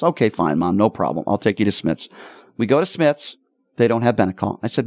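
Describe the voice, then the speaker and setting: A man hosting a radio talk show, telling stories in an animated, exasperated way. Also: mid-range voice, fast talker, no echo. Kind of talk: casual storytelling chat.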